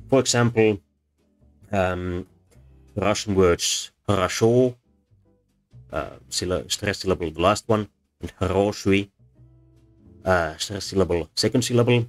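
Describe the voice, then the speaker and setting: A man giving an unscripted talk on language sounds, thoughtful and hesitant, with frequent fillers and restarts. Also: low voice. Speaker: presenter. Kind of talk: unscripted explanatory lecture.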